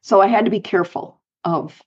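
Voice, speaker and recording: Woman, middle-aged, animated storyteller guest, middle pitch, lo-fi. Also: brisk, breathy edge. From United States, Colorado. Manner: animated anecdotes with light laughs. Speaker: guest, author and speaker. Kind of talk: storytelling interview.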